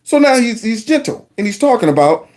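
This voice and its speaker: A man hosting a video commentary, reacting to clips in an animated, sarcastic, conversational way. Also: very high-pitched, brisk. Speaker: host.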